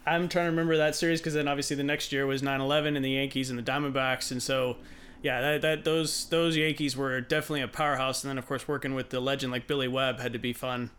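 A man's voice: medium pitch, steady tone, fast talker, a bit bright, clean tone. A man hosting a casual interview, asking short prompting questions. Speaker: host.

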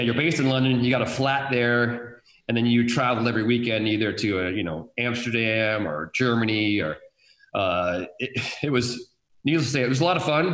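A man's voice: mid-range voice, fairly bright tone, echoey room, rough recording. A man telling stories from his career in sports television, rambling with many repeated words and fillers. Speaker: guest, sports TV director. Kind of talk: casual chat.

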